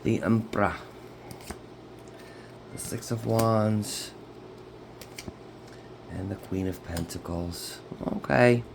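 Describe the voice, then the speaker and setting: A man's voice: lowish voice, slow pace, creaky, pauses often, noisy background. Chatty man giving a casual tarot reading. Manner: chatty, keeps checking in with "okay?" and "y'all". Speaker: tarot reader. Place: at home.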